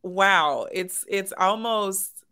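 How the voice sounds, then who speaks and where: A woman hosting a podcast conversation, reflecting in a warm, emphatic way and drawing on faith. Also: medium pitch, extremely slow, smooth. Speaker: host.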